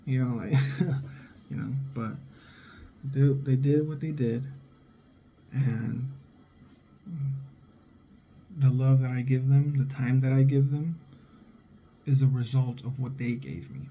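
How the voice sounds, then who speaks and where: A man's voice: medium pitch, fairly even intonation, takes it slowly, pauses often, warm tone, dull audio, slight background noise. A young adult man and father, talking in a blunt, heated, profane casual monologue. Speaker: vlogger, father.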